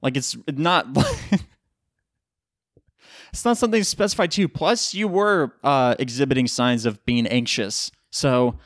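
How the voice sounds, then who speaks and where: A man's voice: medium pitch, takes it slowly, a bit bright, no room sound, clean studio sound. Tired, rambling podcast host, a man. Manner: rambling, loose, with casual swearing. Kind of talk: casual solo podcast chat.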